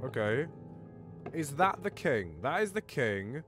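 A man playing a horror game with friends and commenting excitedly, swearing often and talking to himself. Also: medium pitch, slow pace, music in the background. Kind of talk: let's play commentary.

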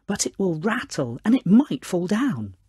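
A woman's voice: lowish voice, sing-song, a little slow, mellow, husky, no echo, heavily acted. A woman voicing little male pigs in a storybook reading, squealing and shrieking. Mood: chatty.

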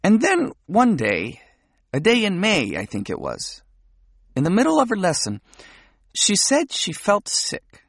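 An audiobook narrator with a husky, gravelly voice tells the story in an intimate first-person way. The pitch moves a lot from line to line. The sound is dry and close. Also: wildly swooping pitch, measured pace, dry recording.

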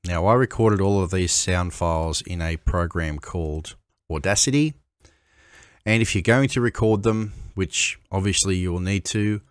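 A man making a game-editing tutorial, explaining in a measured, step-by-step way with pauses. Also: deep voice, dry recording, studio quality. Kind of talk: screen-recorded software tutorial.

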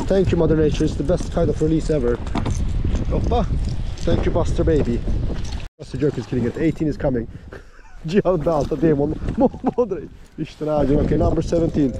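A high-pitched man chats eagerly to his viewers while fishing from a small boat out on open water. His talk is hyped and playful throughout. Water and motor noise sit clearly behind his voice. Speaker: fishing vlogger. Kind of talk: excited on-the-water commentary.

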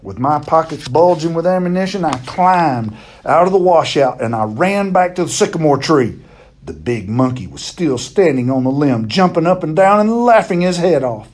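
Guy reading a story chapter out loud, lively delivery, trips over a word here and there. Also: on the high side. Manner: expressive storytelling with occasional stumbles and repeats. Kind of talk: reading a novel chapter aloud.

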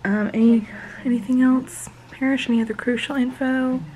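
A woman's voice: high voice, fairly even intonation, moderate pace, poor audio. A woman chatting casually in a vlog while waiting in a theme park queue, upbeat and rambling. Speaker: vlogger, mother. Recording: loud outdoor noise.

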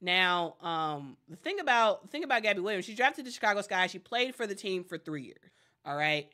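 A woman's voice: mid-range voice, big pitch swings, brisk, sharp tone. A woman hosting casual sports commentary, chatty and addressing viewers directly, often restarting her sentences.

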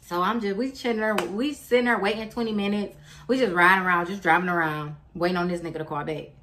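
Woman in her 20s, storytime vlogger: blunt, animated, curses freely. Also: medium pitch, fast talker, slight background noise. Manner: animated, blunt, swears freely, acts out quotes. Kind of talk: casual storytime.

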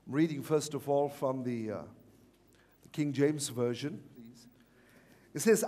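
A male pastor preaching a sermon at a church service, animated and repeatedly calling on the congregation to respond. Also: mid-range voice, measured pace, long pauses. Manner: animated, calls for audience response.

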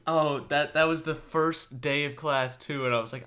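A man's voice: on the high side, steady tone, normal speed, pushed and bright. A man co-hosting a podcast, telling a story in casual chat and laughing often. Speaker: podcast co-host.

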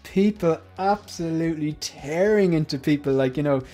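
A man's voice: fairly high pitch, normal speed, mellow, faint music behind. A man hosting a casual livestream panel, chatty and jokey, rambling with frequent restarts. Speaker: livestream host.

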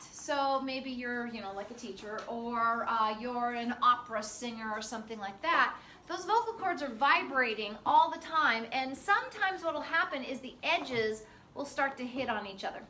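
A middle-aged woman lectures her physiology class in a high, bright voice, chatty and loose with plenty of "uh" and "you know." She is picked up from far off in an echoey classroom, with faint noise in the background. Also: lively intonation, normal speed. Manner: chatty, loose, many fillers. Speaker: physiology teacher.

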